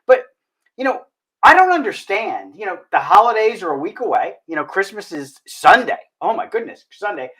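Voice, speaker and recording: A man's voice: high voice, very animated, normal speed, sharp tone, husky. A man hosting a casual talk show, joking and stumbling over his words. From northern United States. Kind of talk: casual chat.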